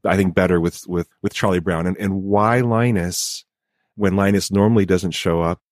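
A man's voice: sits low, fairly even intonation, normal speed, dry recording, clean studio sound. A man co-hosting a podcast, talking in a reflective way and often stopping to restart his sentences. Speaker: podcast co-host. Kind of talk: casual discussion.

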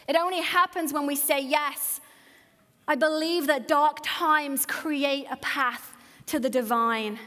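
A woman's voice: high voice, a bit bright. A woman pastor preaching a sermon, earnest and building with repeated phrases. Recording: hall reverb.

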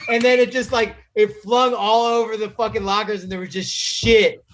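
A man's voice: high-pitched, normal speed. A man guest telling a story in casual chat, swearing freely and laughing between words. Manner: animated, swearing, laughing mid-sentence.

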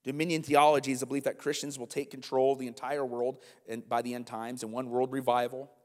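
A male pastor preaching a sermon, animated, with frequent rhetorical questions to the congregation. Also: medium pitch, quick pace, long reverb tail.

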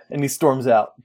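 A man's voice: mid-range voice, darkish tone. A man in casual chat, animatedly retelling a movie's plot and acting out the characters' lines. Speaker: podcast co-host.

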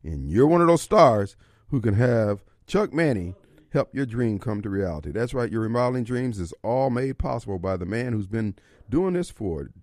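A man's voice: on the low side, big pitch swings, normal speed, darkish tone, no echo. A man hosting a talk radio show from a studio, folksy and theatrical in his opinionated monologue. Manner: theatrical, folksy, slips into voices and asides.

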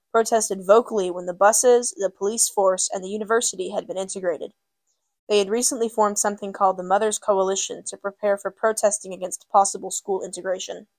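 A woman's voice: mid-range voice, no echo. A woman hosting a book segment, casually introducing a novel and then reading its first chapter aloud. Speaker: book reader and host.

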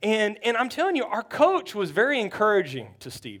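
A pastor from Texas telling a story in a sermon, animated and acting out the people in it. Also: male voice, high voice, moderate pace, few pauses. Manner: animated storytelling, acts out quotes.

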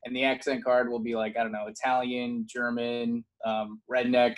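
Young male co-host, meandering storyteller, quick to laugh, middle pitch. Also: little pitch movement. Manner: rambling, many fillers and restarts, laughs often. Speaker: podcast co-host. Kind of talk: casual chat.

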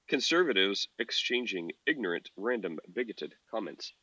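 A man co-hosting a podcast in casual, opinionated chat, mocking opponents with a put-on high voice. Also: very animated, moderate pace, pushed and bright, slightly rough, no room sound, lo-fi sound. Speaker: podcast co-host.

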